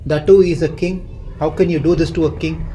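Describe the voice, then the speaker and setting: A man's voice: a little high, level tone, fairly quick, warm tone, slight background noise, natural voice, low-quality recording. A man voicing an elderly sage who scolds his son in a reproachful, lecturing way.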